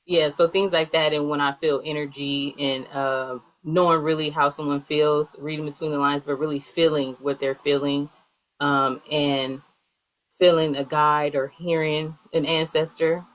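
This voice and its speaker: Low-voiced woman, rambling guest talk. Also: level tone, a little slow, rough recording. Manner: rambling, filler-heavy. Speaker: guest, healer. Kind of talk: casual interview talk.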